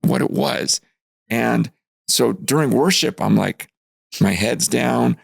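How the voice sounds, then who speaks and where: A man in his fifties, a pastor, telling a story earnestly in conversation, growing animated as he retells it. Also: mid-range voice, slow pace, creaky, slightly rough, no echo, clean studio sound. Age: 50s. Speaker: pastor, guest.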